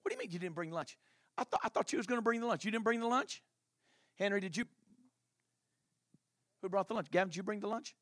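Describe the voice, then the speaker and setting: A man's voice: sits high, steady tone, very fast, hardly any pauses, fairly bright tone, no echo, clean studio sound, pitched above the performer's own voice. A preacher acting out a bickering male disciple who stammers out indignant questions. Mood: exasperated.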